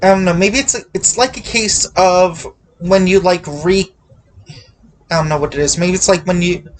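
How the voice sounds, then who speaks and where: A man hosting a casual movie chat, talking haltingly with many restarts and hedges. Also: high voice, slight background noise. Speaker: podcast host.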